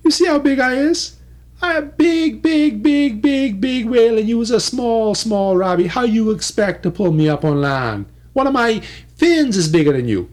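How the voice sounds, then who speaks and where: Folk-tale whale, male, huge and boastful, put on by a male storyteller; pitch pushed up high. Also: animated, moderate pace, a little mellow.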